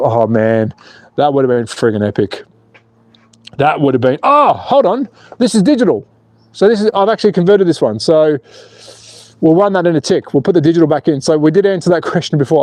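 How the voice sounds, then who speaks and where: Upbeat jokey man, higher mellow voice. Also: no echo. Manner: jokey, excitable, reads chat aloud. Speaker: slot car channel host. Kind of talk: live-stream commentary. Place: outdoors.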